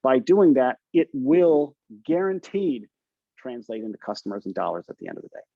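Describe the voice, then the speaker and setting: A man's voice: mid-range voice, huge pitch swings, moderate pace, vocal fry, no echo. Man, coach, encouraging, asks questions, muffled dry call audio. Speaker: business coach leading a group call. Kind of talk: coaching session talk.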